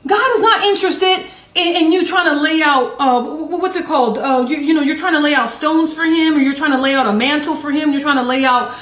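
High-voiced woman evangelist preaching. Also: a little fast, hardly any pauses, roomy sound. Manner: fervent, repeats phrases, stumbles and restarts, voice rises to shouts. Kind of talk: preaching sermon broadcast.

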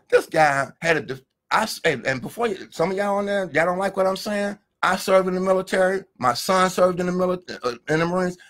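A man's voice: sits high, fairly bright tone. Fiery, profane man ranting on a livestream. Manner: profane, fiery, preachy, rhetorical questions, repeats words. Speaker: law professor. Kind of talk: heated live-stream rant. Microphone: phone or webcam, live video feed.

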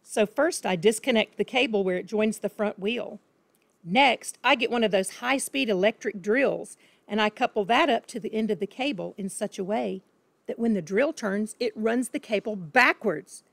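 A woman voicing a boastful, crooked car-dealer father who brags loudly about his tricks. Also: mid-range voice, normal speed, gravelly, dry recording. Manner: blustering, bragging, shouting.

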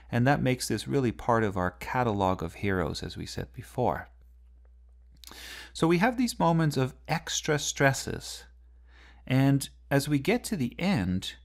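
A man's voice: medium pitch, gravelly. A man teaching literature, explaining a poem line by line and asking the listener rhetorical questions.

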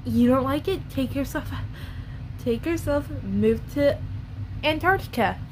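A woman with a somewhat high voice rants to camera in a casual vlog, blunt and full of cursing. A faint hum of room ambience sits behind her. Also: expressive, a little slow, a little mellow. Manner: blunt, profane, ranting. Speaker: YouTuber.

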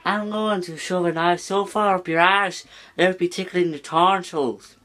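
A man's voice: high-pitched, fairly even intonation, unhurried, bright, forceful tone, pitched above the performer's own voice. A man putting on a Scottish accent to voice a foul-mouthed, angry, threatening Scotsman. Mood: menacing. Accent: Scottish (put on). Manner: threatening, swearing.

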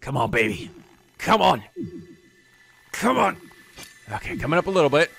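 A man's voice: on the high side, big pitch swings, normal speed, creaky, long pauses, a bit bright, slightly rough. A man giving casual gameplay commentary, joking and swearing with frequent outbursts. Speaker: gaming video host.

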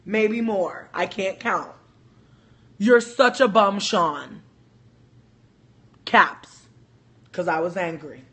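New lady ranting on a stream, crisp bright voice, cussing n joking. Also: mid-range voice, extremely slow, pauses often. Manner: animated, profane, joking storyteller. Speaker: livestream host. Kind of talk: casual storytelling livestream.

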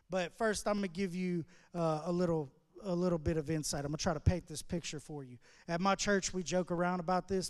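A male guest speaker at a recovery ministry, preaching a sermon as animated storytelling in casual street slang. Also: sits high, big-room sound.

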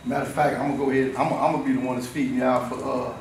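A man in his fifties giving an emphatic, repetitive motivational talk to a school team in a locker room, swinging between shouting and low, intense stretches. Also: little pitch movement, racing, crowd noise. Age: 50s. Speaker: motivational speaker. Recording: very echoey room, voice far off, faint noise.

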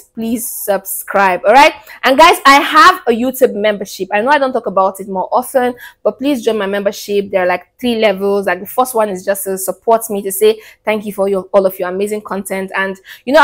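A young woman giving casual relationship advice to men, lively and blunt, acting out the people she quotes. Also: a little high. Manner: animated, mocking quoted voices, laughs.

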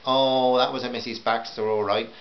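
A man's voice: mid-range voice, lively intonation, moderate pace. A man reading a humorous short story aloud in a dry, wry manner. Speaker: narrator. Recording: dull lo-fi home recording with hiss.

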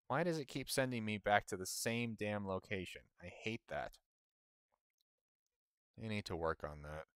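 Guy streaming a game, lowish voice, bright and crisp, dry close sound, grumbles and laughs at himself. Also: no room sound. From United States. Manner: grumbling at the game, self-mocking, laughs often. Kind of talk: casual gameplay commentary.

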